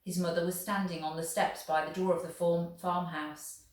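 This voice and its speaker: A woman's voice: fairly low pitch, normal speed. Teacher lady reading to her class, encouraging, far from the mic with lots of echo. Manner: steady, encouraging. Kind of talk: reading a novel aloud to a class. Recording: echoey room, voice off the mic.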